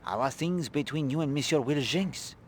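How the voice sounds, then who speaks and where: A man's voice: a little high, normal speed, close to an everyday voice. An actor playing a meticulous, polite male detective in a mystery game, speaking formally over faint hum. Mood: courteous. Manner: formal, courteous.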